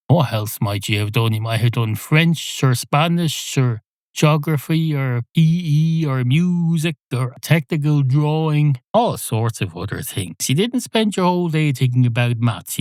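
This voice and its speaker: An Irish podcast host rambles through a comic monologue at a medium pitch, scolding an imagined listener in mock outrage. The voice is close and dry. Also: male voice, darkish tone, no room sound. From Ireland.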